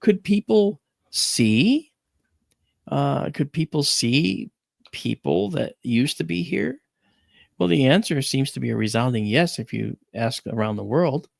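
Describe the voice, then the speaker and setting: In a creaky, medium-pitched voice and a dry recording, this podcast host talks a little slowly. He's casually chatting on a talk stream, animatedly telling a family story and performing the voices of the people he quotes.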